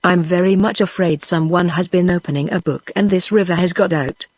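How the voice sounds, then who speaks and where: A woman's voice: fairly low pitch, brisk, dry recording. A text-to-speech woman voice reading the lines of a fussy, knowing male talking parrot in a storybook. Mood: instructive. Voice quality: even synthetic voice.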